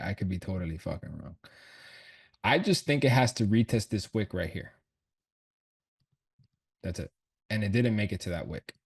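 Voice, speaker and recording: A man's voice: lowish voice, gravelly, slightly rough. A man talking through trades on a livestream, slangy and casual, swearing, laughing often and thinking aloud. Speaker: trader streaming his chart analysis. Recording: voice from a distant mic.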